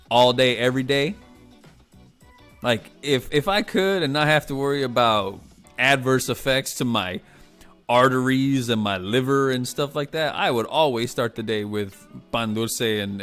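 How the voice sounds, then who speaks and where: Rambling, animated man hosting a stream. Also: mid-range voice. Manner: rambling, animated, swearing, many restarts. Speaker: livestream host. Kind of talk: casual live-stream chat.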